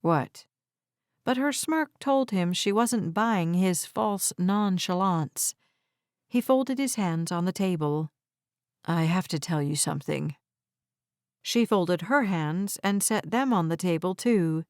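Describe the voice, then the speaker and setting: A woman narrating an audiobook in a measured, even storytelling voice on a close mic. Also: mid-range voice, clean tone, dry recording.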